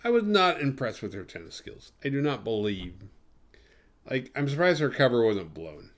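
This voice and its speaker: A man's voice: mid-range voice, sing-song, moderate pace. Podcast host, man, casual profane movie recap, sarcastic asides, rambles.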